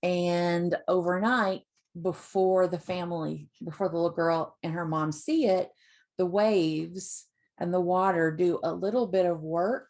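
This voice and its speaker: Slow, gravelly woman presenting books. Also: fairly low pitch. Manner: slow, relaxed retelling with many ums. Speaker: literacy educator sharing picture books. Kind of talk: informal book talk to teachers.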